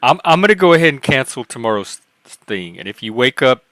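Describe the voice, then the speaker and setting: An American man hosting a casual live-stream chat on a video call, calmly reporting and chatting. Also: mid-range voice, a little fast, dry recording. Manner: calm, plainly reports results.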